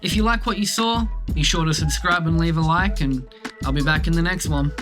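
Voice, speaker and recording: A commentary video narrator recapping events in a wry, matter-of-fact way over clear background music. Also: mid-range voice, a little fast, a bit bright.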